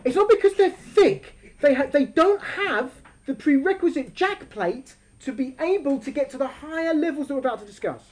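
A woman leads a lively group discussion, holding the floor and brushing interruptions aside. Her voice sits high and swings widely as she argues her points to the room. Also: moderate pace, few pauses. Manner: animated, talks over interruptions, mimics voices for fun. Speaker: speaker leading a group discussion. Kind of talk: lively talk to an audience with questions.

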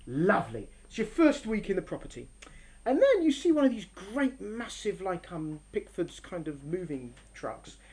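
In a room with a live audience, a woman gives a religious lecture at normal speed and medium pitch. She animates her story analogies by acting out scenes, often starting her sentences over.

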